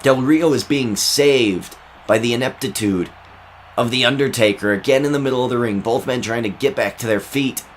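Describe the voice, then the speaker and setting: A man giving excitable play-by-play commentary over a wrestling video game, his voice going hoarse. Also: medium pitch, moderate pace, slight background noise. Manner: excitable, shouts at big moves.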